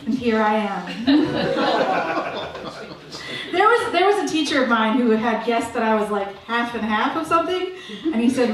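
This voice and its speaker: A woman comedian performing a stand-up set on a comedy club stage, with dry, self-mocking delivery. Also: high voice. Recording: echoey room captured from far off.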